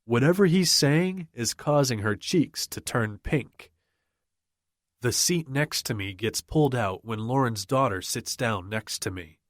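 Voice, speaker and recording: A man narrating a first-person romance audiobook in a measured, even manner. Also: medium pitch, no echo, clean studio sound.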